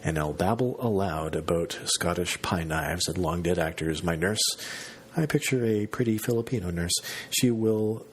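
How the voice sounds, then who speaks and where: A man's voice: sits low, moderate pace, husky. A man hosting a podcast, telling a long story in a casual, self-mocking monologue. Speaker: podcast host.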